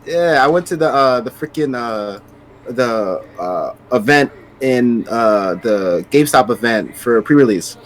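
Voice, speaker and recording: A man from Maryland hosting his stream, telling stories in a relaxed, animated way. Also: medium pitch, a little slow. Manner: animated storyteller, laughs loudly. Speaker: streamer host. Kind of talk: casual chat.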